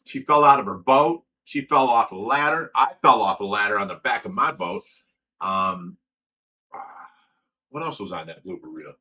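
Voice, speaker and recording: A man's voice: on the low side, moderate pace, breathy edge. A middle-aged man from Ohio hosting a casual livestream, telling stories with a lot of laughter. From Ohio, USA. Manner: laughing, animated storytelling. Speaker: livestream host.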